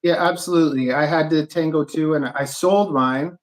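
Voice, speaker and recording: A man's voice: a little high, moderate pace. A man hosting a podcast, chatting casually and laughing often. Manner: laid-back, laughs often. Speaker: podcast host. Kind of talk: casual chat.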